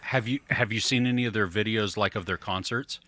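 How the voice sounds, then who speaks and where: Bright-voiced excitable man on a podcast. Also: on the low side, a little fast. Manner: excitable, rambling tangents with laughter. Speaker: podcast co-host. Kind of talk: casual chat.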